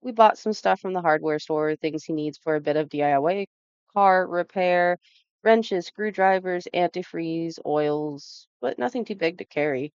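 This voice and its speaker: Woman narrator for a let's play, lowish voice, slightly dull lo-fi sound. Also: a little slow, clean tone, no echo. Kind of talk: reading a story game aloud.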